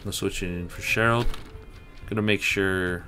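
Young guy doing lets play commentary, kinda low voice, swears a lot, faint game music behind. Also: moderate pace. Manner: excitable, swears often. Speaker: gaming channel host.

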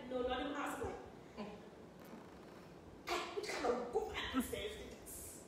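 A woman's voice: sits high, lively intonation, measured pace, pauses often. A woman preaching a sermon, emotional and acting out the voices of the people in her stories. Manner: emotional, acts out quoted voices. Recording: very echoey hall, distant mic, faint noise.

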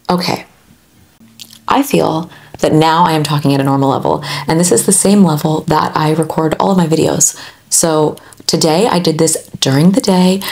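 A woman's voice: deep voice, gravelly, darkish tone. A young American woman, a travel vlogger, answering viewer questions in an earnest, chatty way. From USA. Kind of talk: casual Q&A vlog.

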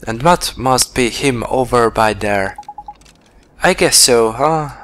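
A man reading the lines of an excitable male fairy companion in a chatty, dramatic way. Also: medium pitch, slow, slight background noise. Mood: worried.

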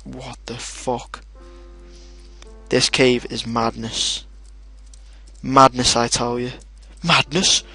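A young man giving casual commentary over his own gameplay, excitable and swearing often, shouting at his in-game dogs. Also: medium pitch, gravelly, slightly rough. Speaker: gaming video host. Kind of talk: casual let's play commentary.

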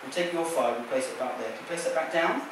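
A little high and quick-paced, a male magician's patter teases the volunteer helping with his card trick on a large theater stage. Background noise and distant echo color the recording.

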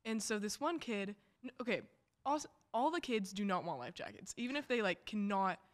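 A woman's voice: mid-range voice, normal speed. Young woman casually telling a story. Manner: relaxed, hesitant with fillers. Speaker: student podcast co-host.

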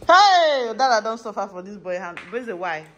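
A woman's voice: lowish voice, fairly quick, fairly bright tone, highs cut off. A woman vlogging casually at home, coaxing and calling her dogs and laughing often. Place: home indoors.

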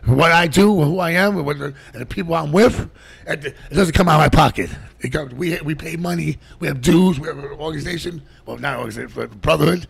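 A man, a podcast guest telling stories in casual chat, animated and profane and laughing often. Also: on the high side, quick pace, gravelly, slightly rough.

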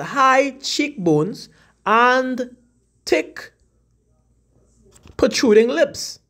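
A man giving a casual scripture lesson, talking conversationally and slowing down to read definitions aloud. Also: high-pitched. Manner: frequent fillers and restarts. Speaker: religious teacher.

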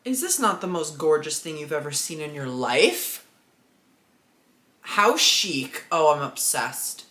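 A man's voice: on the high side, sing-song, slow pace, pushed and bright, reverberant. Dramatic, gushing young vlogger man. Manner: dramatic, self-deprecating, gushing. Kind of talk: casual vlog chatter.

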